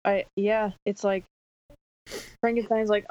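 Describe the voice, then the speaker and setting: A woman co-hosts a casual film podcast, cracking sarcastic jokes and swearing freely. Her voice comes through dry and slightly muffled, at an average pitch. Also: expressive, measured pace, a little mellow, dry recording. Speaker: podcast co-host. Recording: dull, dry sound.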